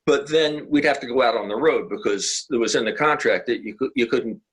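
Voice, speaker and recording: Husky older man telling rambling stories. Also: mid-range voice, fairly quick, fairly bright tone, low-quality recording. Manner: rambling, anecdotal, many restarts. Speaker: guest musician. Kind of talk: casual interview storytelling. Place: home, video call.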